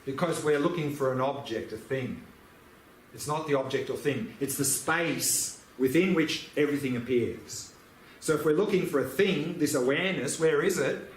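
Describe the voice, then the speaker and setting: A man's voice: fairly high pitch, moderate pace, a little hiss or hum. A man teaching meditation, answering questions with patient, repetitive explanations. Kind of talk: dharma teaching Q&A. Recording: echoey room, faint ambience.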